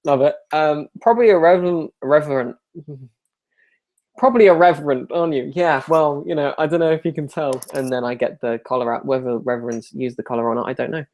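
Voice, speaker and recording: A man's voice: a little high, a little fast, a little mellow. A young man with a self-deprecating, rambling manner, chatting casually while answering viewer questions live. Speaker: YouTuber hosting a live Q&A.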